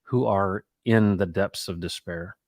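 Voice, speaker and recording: Low-voiced middle-aged man telling stories. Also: a little slow. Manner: animated, acts out quoted dialogue; reflective, faith-minded musing. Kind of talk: casual conversational storytelling.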